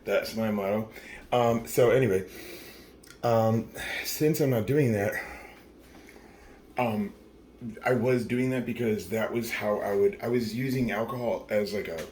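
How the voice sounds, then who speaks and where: A man's voice: fairly low pitch, measured pace, pauses often, darkish tone, a little hiss or hum. A very tired man in his thirties rambling through a late-night confessional vlog, profane and full of fillers. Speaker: vlogger.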